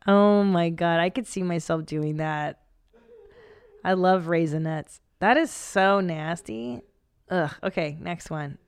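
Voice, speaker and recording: A woman in her forties hosting a casual podcast for moms, blunt and profane, reacting loudly to stories. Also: on the low side, slow pace, smooth. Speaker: podcast host. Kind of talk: casual chat.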